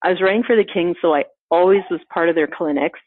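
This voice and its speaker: Woman, American accent, husky, animated storyteller, tinny phone sound. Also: lowish voice, fast, dry recording. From United States. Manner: lively, laughing often, acts out quoted people. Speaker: guest, film composer and conductor.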